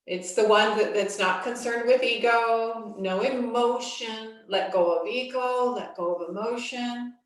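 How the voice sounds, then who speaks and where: A woman, a yoga teacher, guiding a breathing practice with slow, calm, soothing instructions and long pauses. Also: on the high side. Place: yoga studio. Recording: very echoey room, voice from a distance.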